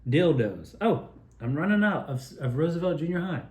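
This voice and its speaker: A man's voice: fairly high pitch, moderate pace. A man spins loose, profane stories with lots of rise and fall in his voice, drifting off topic as he sips a beer. His voice bounces around a roomy, echoing space. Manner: profane, digressive, animated; drinking beer while talking. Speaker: video maker telling childhood stories. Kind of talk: rambling personal storytelling monologue.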